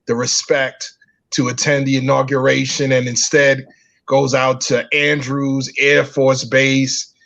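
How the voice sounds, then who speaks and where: Gravelly flat-voiced man, lo-fi audio. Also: mid-range voice. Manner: measured, many filler pauses. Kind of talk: casual political talk. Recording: dull lo-fi audio.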